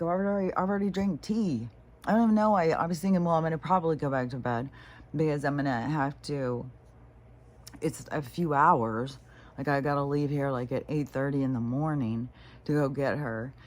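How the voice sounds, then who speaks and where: A woman's voice: sits low, darkish tone. A middle-aged woman talking through a rambling spiritual vlog, full of fillers, restarts and casual swearing. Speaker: spiritual vlogger.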